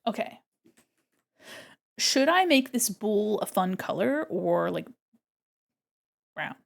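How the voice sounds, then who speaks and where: An American woman streaming, chatting casually with viewers while drawing, self-deprecating and quick to laugh. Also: mid-range voice, sing-song, gravelly. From United States.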